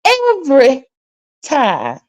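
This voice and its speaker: Sassy woman host spilling tea, higher voice, lots of swoops up. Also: very slow, muffled recording. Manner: animated, sassy, mimics others, jumps pitch often. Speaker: commentary channel host. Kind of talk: casual gossip commentary.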